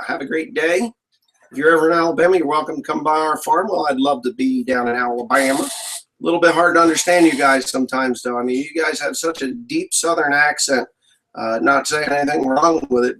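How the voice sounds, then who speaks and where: A man's voice: fairly high pitch, gravelly, a bit bright, a little hiss or hum, low-quality recording. Chatty rambling farmer man. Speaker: farmer answering viewer questions. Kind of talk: casual live Q&A chat.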